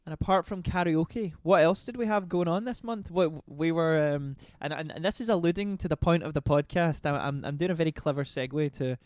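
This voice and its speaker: Dry, teasing podcast host. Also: male voice, fairly high pitch, a little fast, few pauses, a little mellow, dry recording. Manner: dry, teasing, steers the talk. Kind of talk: casual chat.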